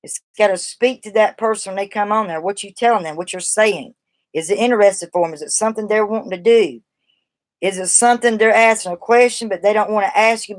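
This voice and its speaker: Speaking in a mid-range voice, a woman from the East Coast with a Southern accent chats casually on a live stream. She rambles as she gives her viewers advice.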